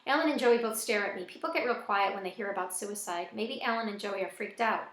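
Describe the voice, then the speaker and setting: Woman reading a novel aloud, bright. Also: mid-range voice, fast talker. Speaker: audiobook reader. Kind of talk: first-person novel reading. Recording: echoey room.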